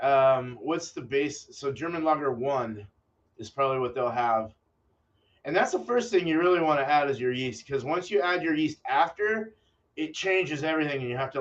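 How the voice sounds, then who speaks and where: A homebrewing channel host thinks aloud in a casual, distracted ramble, swearing offhandedly. His voice is fairly high and bright, captured as dull lo-fi audio from a distance.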